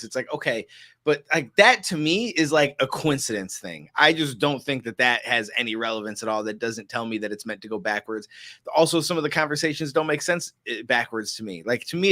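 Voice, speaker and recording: A man's voice: medium pitch, sharp tone. A man joining a live stream as a guest over a video call, laying out his opinion point by point. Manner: argumentative, lays out points at length. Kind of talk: casual online call chat.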